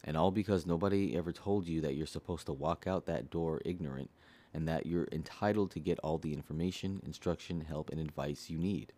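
A man reading a self-help book aloud, steady and earnest, speaking straight to the listener. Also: very deep voice, a little fast. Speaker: audiobook reader.

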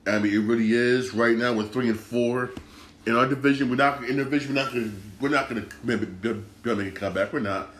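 A man's voice: mid-range voice, steady tone, fast talker, fairly bright tone, a little hiss or hum. Frustrated man ranting in an echoey room. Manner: frustrated, repetitive, stammering restarts. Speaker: sports podcast host. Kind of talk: casual sports rant.

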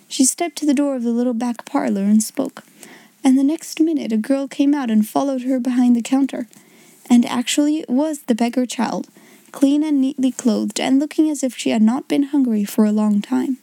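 A woman narrating a storybook in a calm, measured way. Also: high voice, gravelly, no room sound. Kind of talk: storybook reading.

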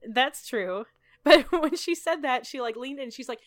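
A woman's voice: high-pitched, expressive, unhurried. A woman in casual chat, telling a story animatedly and laughing often while acting out what people said.

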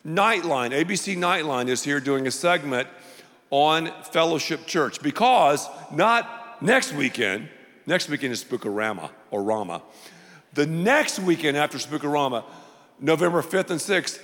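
A male pastor preaches with a high, lively voice that swoops up and down. He takes his time and lets his lines land slowly, and his voice rings out with the long reverb of a large hall. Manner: animated, playful preaching with audience call-and-response. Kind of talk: sermon. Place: large church auditorium.

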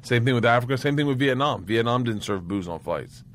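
A comedian guest telling rambling, profane travel stories on a casual podcast, breaking into loud laughter. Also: male voice, medium pitch, lively intonation, fairly quick.

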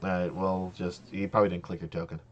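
A man's voice: low voice, flat delivery, fast talker, lo-fi sound. A man running a tabletop game on a stream as game master, loose and joking, laughing often.

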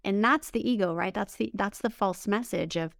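Woman healing coach, emphatic and upbeat, repeats words, mid pitch, dry sound. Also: moderate pace, vocal fry, no room sound. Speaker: spiritual healing coach, guest. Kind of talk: conversational interview answers.

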